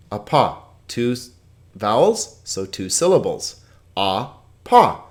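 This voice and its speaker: A man teaching Greek in a recorded video lesson, chatty and joking, slowing down to carefully pronounce example words. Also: mid-range voice. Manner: chatty, joking, laughs at own puns.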